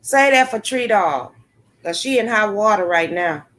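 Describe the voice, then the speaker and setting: A woman hosting a casual livestream, talking bluntly to her chat viewers, swearing freely and reacting with animated commentary. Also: mid-range voice, measured pace. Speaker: livestream host. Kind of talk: casual live-stream commentary.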